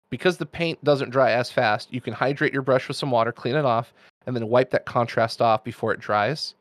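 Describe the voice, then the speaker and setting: A man's voice: mid-range voice, no room sound. A man in casual conversation, explaining things enthusiastically in long, flowing runs. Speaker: miniature painting expert host. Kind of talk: casual chat.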